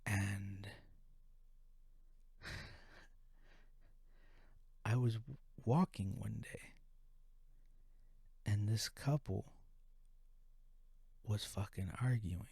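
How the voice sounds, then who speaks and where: A man's voice: fairly low pitch, extremely slow, creaky, pauses often, darkish tone, slightly rough, no room sound, studio quality. A man hosting a podcast who tells a profane, rambling story in a casual way. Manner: profane, rambling, full of restarts. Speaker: podcast host.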